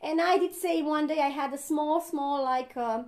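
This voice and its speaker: High-voiced woman giving a spiritual talk. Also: normal speed, darkish tone. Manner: earnest, laughs often, acts out inner voices. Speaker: spiritual teacher. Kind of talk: satsang talk.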